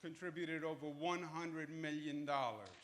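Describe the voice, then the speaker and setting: A man's voice: on the high side, fairly even intonation, a little slow, a crowd in the background, background noise. Emphatic New York man giving a speech. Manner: repetitive, emphatic speechmaking with joking asides. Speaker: state governor giving a speech. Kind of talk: public speech at a groundbreaking event. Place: outdoor event in Harlem.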